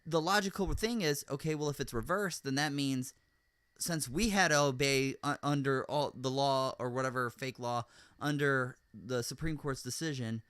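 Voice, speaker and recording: A man hosting a podcast, recounting events in casual chat, rambling with many fillers and getting animated when he rants. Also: mid-range voice, moderate pace, clean tone, no echo. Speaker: podcast host.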